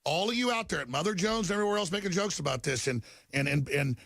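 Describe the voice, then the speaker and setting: Talk show guy ranting hard, gravelly voice, kinda high, super dry sound. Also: animated, fast talker, a bit bright, dry recording. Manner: agitated, emphatic ranting with repeated stammering. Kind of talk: talk radio monologue reading headlines.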